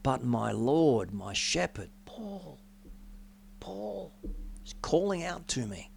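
A middle-aged man giving a sermon testimony, telling his story with dramatic rises and drops in pitch and volume. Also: big pitch swings, measured pace, gravelly, slightly rough. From Australia. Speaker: preacher.

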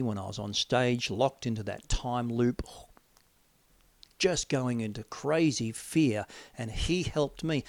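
A middle-aged man preaching a sermon, swinging from loud declarations to hushed, near-whispered lines. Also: medium pitch, vocal fry, dry recording.

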